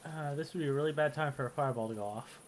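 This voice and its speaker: A man's voice: a little high, very fast, a little hiss or hum. Laid-back joking man playing a tabletop game. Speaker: player. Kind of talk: casual game chat.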